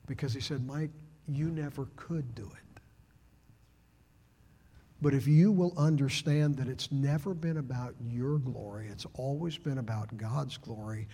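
A middle-aged man preaching a sermon as pastor, swinging from loud shouts down to hushed whispers. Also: medium pitch, slight background noise. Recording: long reverb of a large hall.

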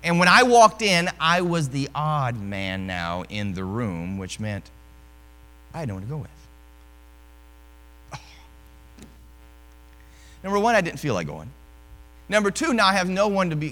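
A male preacher delivering a sermon, telling a story animatedly and swinging from loud to hushed. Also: medium pitch, sing-song, a little slow, long pauses, long reverb tail.

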